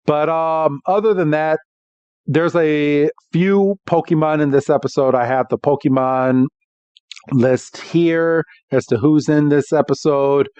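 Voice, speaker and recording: A man's voice: fairly high pitch, measured pace, a little mellow, clean tone, dry recording. A man hosting a podcast, casually recapping an episode in a rambling way with many restarts. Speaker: podcast host. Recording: dull dry lo-fi.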